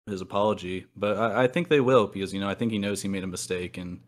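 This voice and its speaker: A man's voice: sits low, quick pace. A man on a podcast agreeing easily, peppering his talk with "you know". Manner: easygoing, fills with "you know". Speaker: podcast co-host. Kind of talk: casual podcast discussion.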